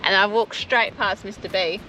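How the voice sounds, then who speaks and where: A woman's voice: mid-range voice, steady tone, normal speed, pushed and bright, soft background music, poor audio. A woman chatting casually while filming a travel vlog outdoors on a windy trail. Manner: chatty, upbeat, laughs often. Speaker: travel vlogger.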